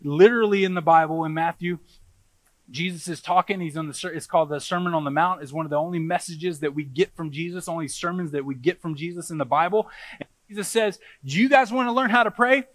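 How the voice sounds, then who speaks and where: A man in his thirties preaching a sermon, a pastor talking in a relaxed, conversational storytelling way. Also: fairly high pitch, fast, no echo.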